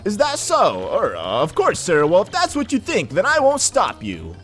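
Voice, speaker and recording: Man playing a fussy polite sailor, raised pitch, prim and formal. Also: huge pitch swings, normal speed, a bit bright, faint music behind, full character voice. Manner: formal, courteous, overly polite.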